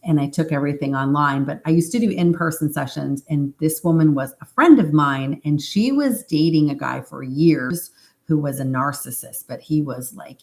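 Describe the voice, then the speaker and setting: A woman with a low voice tells a story on a live stream. She chats informally, with fillers and side remarks, and reads out comments from viewers between her stories. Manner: animated retelling, acts out quoted speech in a higher voice; chatty and informal, with fillers and asides. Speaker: hypnosis practitioner.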